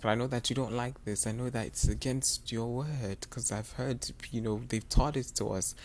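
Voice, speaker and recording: A man's voice: mid-range voice, normal speed, a little hiss or hum. A young man hosting a podcast, earnestly telling his personal faith testimony in a rambling, confessional way. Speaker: podcast host.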